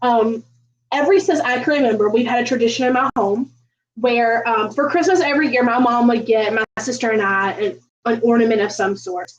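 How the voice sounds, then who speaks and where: Chatting folksily with her livestream viewers while cooking at home, a woman talks a little fast in a fairly high voice, saying "um" often. She's far from the mic, and the high frequencies are cut off.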